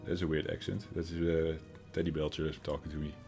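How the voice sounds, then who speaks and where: A man's voice: very deep voice, flat delivery, fairly quick, over music. A man in his thirties with a Dutch accent, chatting casually with his stream chat, rambling with fillers as he answers them. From Netherlands.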